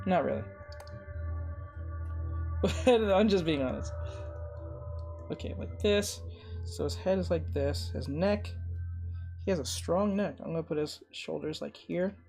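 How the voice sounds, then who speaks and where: Slow, playful streamer chatting while sketching. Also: mid-range voice, darkish tone. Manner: playful, teasing banter with chat, talking through sketching steps. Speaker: art streamer. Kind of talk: casual livestream chat while drawing.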